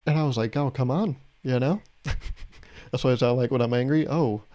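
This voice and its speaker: Young man, podcast host, solo monologue, warm mellow tone, rambling and jokey, chuckles at his own bits. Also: mid-range voice, fairly quick.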